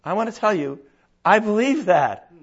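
High-voiced older preacher, folksy and chatty. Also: male voice, sing-song, normal speed, husky. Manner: conversational, folksy, with rhetorical questions. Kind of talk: sermon. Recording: dull lo-fi recording.

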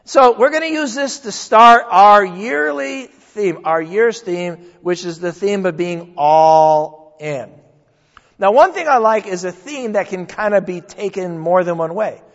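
An older man from New England, a pastor preaching a sermon in a church with folksy, joking, animated delivery. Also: high voice, unhurried. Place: church sanctuary. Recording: dull sound in a long-echo hall.

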